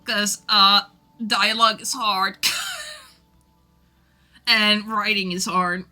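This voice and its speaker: A woman's voice: medium pitch, steady tone, slow pace, bright, forceful tone, faint music behind. A Norwegian-speaking woman streaming casually, rambling and giggling often while chatting to viewers. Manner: giggly, rambling, self-deprecating.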